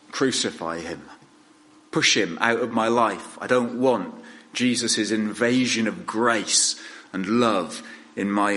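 A male preacher delivering a sermon in an earnest, measured manner. His voice sits a little low and he speaks slowly. He leaves pauses between phrases. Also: a bit bright, poor audio.

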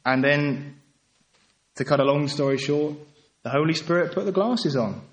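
A man preaching a sermon, earnest and pleading, swinging from emphatic peaks to quiet, soft passages. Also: fairly high pitch, normal speed.

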